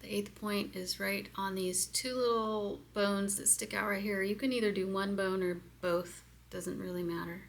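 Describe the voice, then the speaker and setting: A woman's voice: medium pitch, fairly even intonation, moderate pace, creaky, few pauses. A woman giving a candid, hesitant self-help lesson, with many fillers as she explains step by step. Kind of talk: casual personal instruction video.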